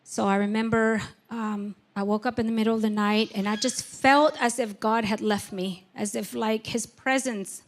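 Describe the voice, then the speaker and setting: Woman, personal testimony, candid and halting, slightly high-pitched. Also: fairly even intonation. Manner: candid, emotional, halting with many fillers. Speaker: church member giving testimony.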